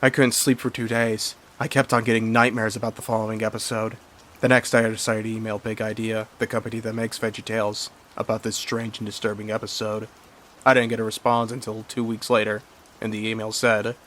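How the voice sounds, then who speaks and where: A man's voice: lowish voice, completely flat delivery, brisk, a bit bright. A man narrating a horror story in a plain, earnest storytelling manner. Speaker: creepypasta narrator. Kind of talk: story reading.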